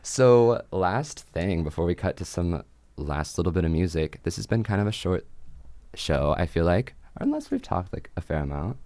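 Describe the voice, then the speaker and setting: A man's voice: sits low, huge pitch swings, moderate pace, dark tone, no echo. A young man hosting a college radio show, chatting casually with playful sarcasm and frequent giggles. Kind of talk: casual joking chat.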